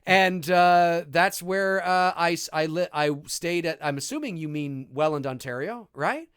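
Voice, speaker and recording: A man in his forties from Canada, hosting a casual live movie commentary podcast and reading out viewer comments in a chatty, animated way. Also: on the high side, unhurried, clean tone, dry recording, studio quality. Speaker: podcast host.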